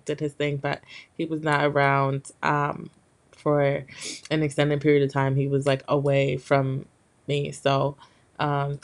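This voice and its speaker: A young woman hosting a solo podcast, talking candidly in a rambling way with lots of fillers, her voice a bit hoarse from being sick. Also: sits low. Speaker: podcast host. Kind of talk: casual solo podcast talk.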